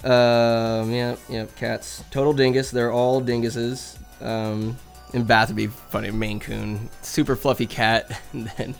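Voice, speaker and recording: A young vlogger from Northern California rambles through chatty cat stories at home in a room with a bookcase, swearing and laughing as he goes. His mid-range voice is creaky, slow, and fairly flat in pitch, with soft music playing behind him.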